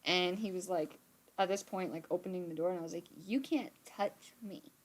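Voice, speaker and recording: Telling a story on a live stream from her computer, a young woman performs the quotes and curses without holding back. Her voice is lowish and moves at a moderate pace, and her manner is lively and casual.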